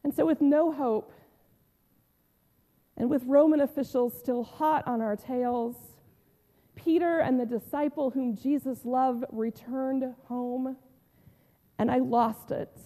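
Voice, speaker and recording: A woman pastor playing a grieving, devoted woman disciple in a first-person sermon retelling, telling it heartfelt with long pauses and soft drops. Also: sits high, long reverb tail. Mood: anxious, then sorrowful.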